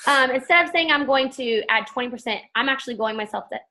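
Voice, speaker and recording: A woman with a gravelly edge to her voice talks her team through monthly goals. She is chatty and upbeat and jokes about herself. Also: high voice, quick pace, bright, forceful tone. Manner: chatty, upbeat, self-joking. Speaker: team trainer. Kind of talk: casual training talk.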